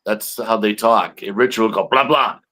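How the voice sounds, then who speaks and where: Low-voiced rambling male podcast co-host. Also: flat delivery, normal speed, a bit bright, poor audio. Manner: rambling storytelling with many fillers. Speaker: podcast co-host, Bigfoot investigator. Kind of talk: casual chat.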